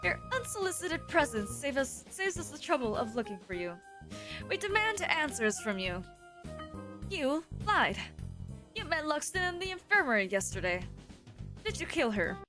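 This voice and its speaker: A woman's voice: high voice, big pitch swings, moderate pace, music in the background. A woman reading a visual novel aloud, voicing a haughty, contemptuous aristocratic male pigeon student who speaks in curt, scornful commands.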